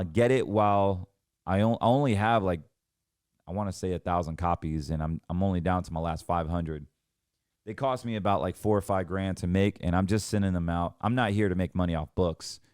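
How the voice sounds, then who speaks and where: A man with a low voice hosts a finance show and vents in heated, emphatic commentary, stumbling over restarts as he goes. The sound is dry and close, with almost no room around him. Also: a little mellow, clean tone, dry recording. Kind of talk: ranting commentary.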